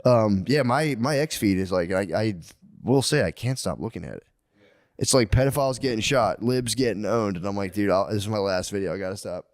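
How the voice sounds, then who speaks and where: A man's voice: lowish voice, fairly quick, no room sound. A man co-hosting a podcast, with crude, rambling, joking banter in casual chat. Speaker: podcast co-host.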